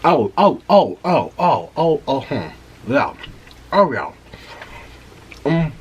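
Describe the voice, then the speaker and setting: A man with a somewhat high voice hosts a late-night eating show from home. He chats casually to the camera, chewing and eating between his words. The recording carries clear background noise. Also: very animated, extremely slow. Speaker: mukbang host.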